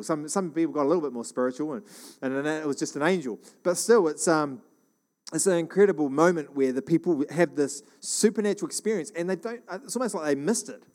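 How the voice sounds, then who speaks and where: A man preaching a sermon in a conversational, animated way, with many restarts. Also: a little high, fast.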